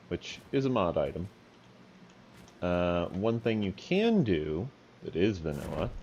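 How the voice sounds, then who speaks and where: A man's voice: lowish voice, a little mellow, lo-fi sound, a little hiss or hum. A man giving chatty let's-play commentary, talking the viewer through a game and teasing the enemies aloud. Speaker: gameplay commentator.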